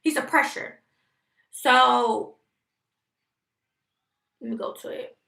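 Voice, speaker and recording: Heated, gravelly-voiced woman venting to viewers. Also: a little high, slow, pushed and bright. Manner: emphatic, heated, profane, addresses viewers directly. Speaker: vlogger. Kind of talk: casual venting storytime to viewers. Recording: echoey room.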